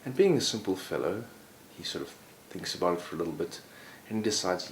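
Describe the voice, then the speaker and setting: A man tells a story in a relaxed, conversational manner, peppering it with "sort of." His voice is low. The recording has a roomy echo and faint background noise. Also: brisk. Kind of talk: oral storytelling.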